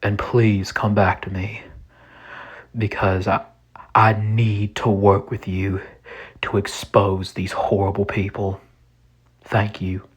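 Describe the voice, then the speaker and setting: Storytelling figure: a man playing an anxious Texan restaurant owner, husky and unhurried, begging for help. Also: lowish voice, level tone, highs cut off. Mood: pleading. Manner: earnest, pleading letter reading with hesitations. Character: worried male pizzeria owner pleading for help.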